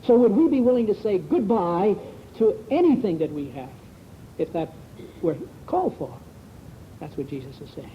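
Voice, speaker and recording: Folksy high-voiced preacher on old tape. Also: male voice, sing-song, moderate pace. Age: 1970s recording. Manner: folksy, repeats "see?" and "sure". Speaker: speaker at a congregation meeting. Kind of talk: conversational Bible talk with rhetorical questions. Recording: muffled old lo-fi tape with faint hiss.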